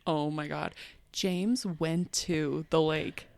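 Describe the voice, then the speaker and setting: A woman's voice: deep voice, steady tone, slow pace, creaky, a little mellow. A woman co-hosting a podcast in casual chat, with a laid-back, teasing manner. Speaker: podcast co-host.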